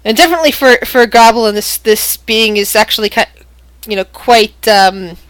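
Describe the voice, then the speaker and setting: A woman's voice: fairly high pitch, moderate pace, fairly bright tone, no echo, poor audio. Chatty woman game master. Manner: chatty, rambling, laughs often. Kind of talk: narrating a tabletop game online.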